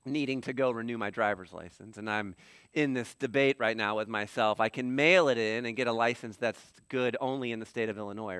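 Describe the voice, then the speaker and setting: Middle-aged male pastor, bright and crisp, animated sermon delivery. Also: mid-range voice, dry recording. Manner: animated, acts out quoted dialogue.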